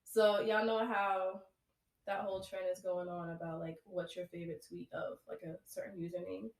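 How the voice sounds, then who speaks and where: A young woman guest in a casual chat, animated and slangy, laughing often. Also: fairly low pitch, normal speed, reverberant, distant mic, poor audio. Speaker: stylist guest.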